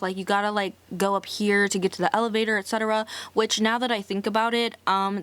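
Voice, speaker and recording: A woman's voice: mid-range voice, a bit bright. Chatty young woman recapping a movie. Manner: chatty, heavy use of filler "like"; sassy side comments.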